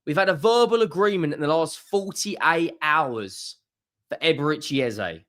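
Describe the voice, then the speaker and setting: A young man ranting in a fan video, swearing often and swinging from low muttering to loud exasperated outbursts. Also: animated, unhurried. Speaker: football fan vlogger.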